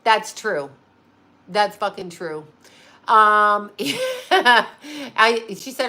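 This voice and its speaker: A woman's voice: mid-range voice, expressive, extremely slow, long pauses, bright, forceful tone. A middle-aged woman, host of her own channel, talking casually in a rambling, emotional way and swearing freely. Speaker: psychic medium and channel host. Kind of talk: casual livestream chat.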